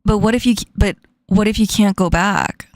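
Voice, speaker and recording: A woman hosting a casual stream chat, playful and quick to laugh, asking her guest questions. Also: mid-range voice, fairly even intonation, no echo, studio quality. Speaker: streamer host.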